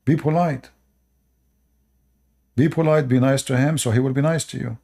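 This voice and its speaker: A man's voice: mid-range voice, steady tone, moderate pace, dark tone. A man with an Arabic accent, native Arabic speaker, hosting a live stream and lecturing his viewers in short repeated commands with broken grammar. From Middle East. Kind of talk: casual live stream monologue.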